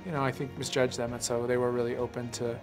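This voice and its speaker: A man's voice: medium pitch, level tone, quick pace, music in the background. A man in his thirties, an actor chatting in a casual interview, rambling with many fillers and restarts. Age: 30s. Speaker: actor promoting a film.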